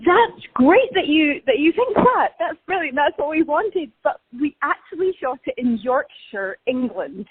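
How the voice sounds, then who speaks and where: A woman's voice: sits high, big pitch swings, a little slow, few pauses, dry recording. A Scottish woman talking in a casual phone interview, chatty and self-deprecating, laughing often while walking outdoors. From Scotland. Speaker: actress being interviewed. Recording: tinny phone line.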